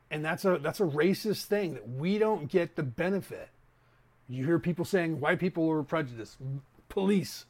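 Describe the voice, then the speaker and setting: A man's voice: fairly high pitch, a little mellow. A man in his fifties from the San Francisco Bay Area, hosting a casual opinion monologue that rambles and speaks straight to listeners. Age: 50s. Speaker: podcast host.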